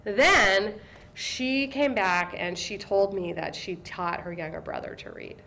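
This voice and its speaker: A woman being interviewed as a librarian, telling stories with lively energy and briefly imitating the excited kids she works with. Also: medium pitch, a little slow. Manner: animated storyteller, acts out kids' voices with excitement. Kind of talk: conversational interview.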